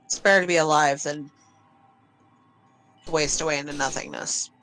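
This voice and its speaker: Tabletop role-play: a woman playing a blunt, defensive street-hardened woman, sharp bright tone. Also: sits low, fairly even intonation, normal speed, soft background music, pitched below the performer's own voice, rough recording.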